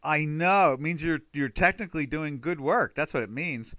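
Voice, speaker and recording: Chatty bright-voiced man hosting a webinar. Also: a little high, normal speed, no room sound. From United States. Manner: chatty, rambling, exclaims loudly in frustration. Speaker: trading webinar host. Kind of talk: casual live webinar talk.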